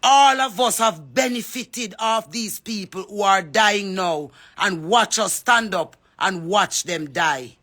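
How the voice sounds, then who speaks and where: Speaking slowly with few pauses, a woman from Jamaica, a singer with a Jamaican accent, delivers a fervent social media appeal, preaching and naming people directly. Her medium-pitched voice has a fairly bright tone.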